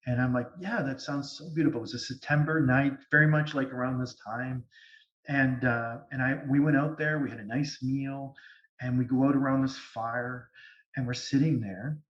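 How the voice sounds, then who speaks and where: A man speaking as a guest medium, telling stories in an animated way over a video call. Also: medium pitch, moderate pace. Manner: animated, lively storytelling. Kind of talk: storytelling interview. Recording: distant, echoey, dull sound.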